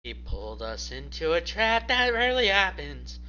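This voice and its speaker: A man voicing a blunt, edgy male criminal partner, slightly higher than his own voice, on a dull lo-fi recording. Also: sing-song, moderate pace, sharp tone. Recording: dull lo-fi mic with faint hum.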